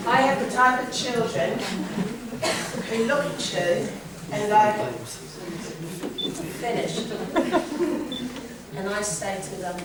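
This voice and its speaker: A woman presenting a seminar to teachers, animated and joking. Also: medium pitch, heavy background noise. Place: large hall. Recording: echoey hall from far off. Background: audience.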